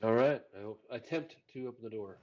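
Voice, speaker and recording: Wry player on a dull, lo-fi line. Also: male voice, mid-range voice, quick pace, a little mellow. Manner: joking, wry asides. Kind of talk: casual tabletop game play. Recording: dull lo-fi recording.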